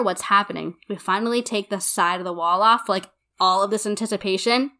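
A young woman co-hosting a podcast, chatting casually and telling an animated story, acting out quotes and saying "like" a lot. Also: mid-range voice, a little fast. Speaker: podcast co-host. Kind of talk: casual chat.

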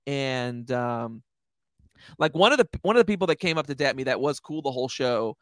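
A man's voice: mid-range voice, animated, a little fast, a bit bright, no room sound, clean studio sound. Rambling, profane man telling stories. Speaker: stand-up comedian. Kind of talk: casual podcast chat.

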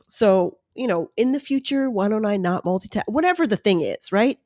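A woman's voice: fairly high pitch, expressive, moderate pace, hardly any pauses, a little mellow, no room sound, studio quality. A middle-aged woman hosting a casual solo podcast, chatty and self-deprecating, acting out her own inner voice as she talks. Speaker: podcast host.

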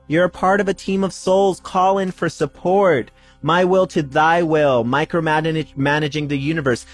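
A man hosting a spiritual podcast, talking casually and emphatically, repeating phrases and swearing freely. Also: fairly high pitch. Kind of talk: casual spiritual pep talk.

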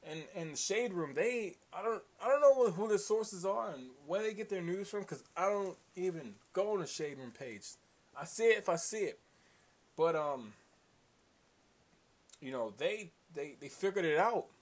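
A man's voice: high-pitched, lively intonation, moderate pace. Profane, rambling man. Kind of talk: casual solo commentary. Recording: faint hiss.

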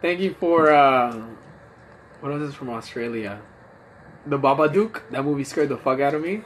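Expressive and moderately paced, this man's mid-range voice comes through phone livestream audio with faint background noise. He's a tipsy comedian and podcast host, rambling and swearing in a casual drunk-livestream chat.

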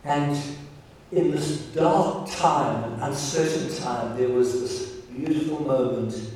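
Pastor guy preaching in a big echoey hall, mic kinda far off, emotional and warm, stumbles and restarts a lot. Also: a little high, takes it slowly, slight background noise. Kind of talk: sermon. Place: large church hall.

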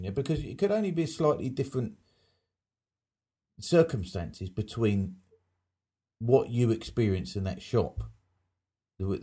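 A man with a husky, slightly rough voice whose pitch rises and falls a lot. He talks in a casual chat, emphatic and sure of his opinions, and keeps his delivery loose and conversational. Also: dark tone.

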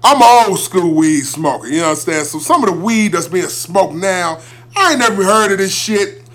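A man's voice: sits high, expressive, moderate pace, a bit bright. A middle-aged man co-hosting a casual podcast chat, profane and joking in a drawling way. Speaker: podcast co-host.

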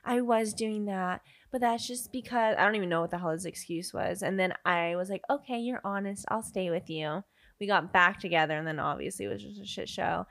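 A young woman telling a story in casual chat, animated, acting out the quotes, and laughing often. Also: mid-range voice, fairly quick, gravelly, no room sound.

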